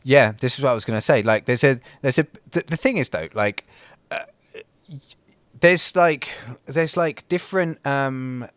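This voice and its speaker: A man's voice: medium pitch, expressive, normal speed, a bit bright, smooth, dry recording. A man co-hosting a casual podcast, telling a folk tale in a rambling way with lots of fillers, restarts and swearing. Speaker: podcast co-host. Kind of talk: casual storytelling chat.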